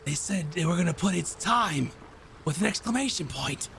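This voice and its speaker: A man's voice: on the high side, expressive, moderate pace, vocal fry, fairly bright tone, slight background noise, pitched above the performer's own voice. A man voicing a fussy crewman who protests insistently. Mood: protesting.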